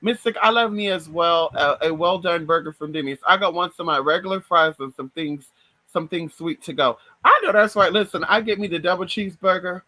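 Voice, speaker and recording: A woman's voice: lowish voice, a little fast, sharp tone, no room sound, poor audio. A woman vlogger chatting casually to her viewers, swearing freely and calling them y'all and girl. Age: adult. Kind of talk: casual storytelling chat.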